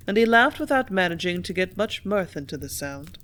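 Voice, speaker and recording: A woman narrating an audiobook in a steady, even storytelling manner. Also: lowish voice, normal speed, few pauses. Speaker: audiobook reader.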